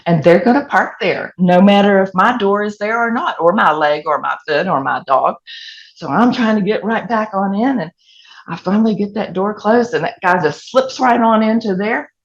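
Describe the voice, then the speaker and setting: A woman pastor with a Southern US accent, preaching through personal stories with animated asides. Her voice has a gravelly edge. The recording sounds dull and lo-fi, as from a church sound system. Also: mid-range voice, moderate pace. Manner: storytelling, animated, laughing asides. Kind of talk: sermon.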